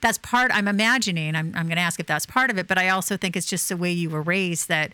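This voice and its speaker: A woman in her fifties with a bright, crisp tone, hosting an easygoing interview conversation. She is chatty and quick to share her own experiences, and her voice sounds close and dry. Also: on the low side, no echo.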